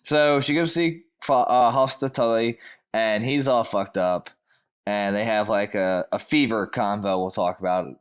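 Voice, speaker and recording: A man's voice: lowish voice, unhurried, clean tone. A man co-hosting a podcast, retelling a book chapter in loose, slangy, profane casual chat. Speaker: podcast co-host.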